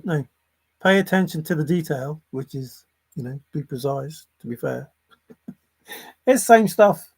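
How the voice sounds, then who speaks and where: A high-pitched man narrates on his own, unscripted, as a treasure-hunt vlogger. He sounds sarcastic and exasperated, swearing and repeating phrases for emphasis.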